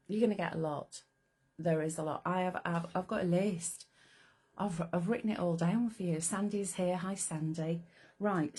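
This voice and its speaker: Chatty woman hosting a live stream. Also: fairly low pitch. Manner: chatty, greets viewers by name, warm asides. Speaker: livestream host. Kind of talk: casual live craft stream chat.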